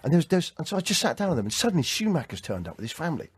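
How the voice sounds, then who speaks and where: A man hosting a radio show, telling rambling, animated anecdotes and laughing often, on a studio mic. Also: on the high side, racing, breathy edge, no room sound. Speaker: radio host. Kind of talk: casual chat and anecdotes.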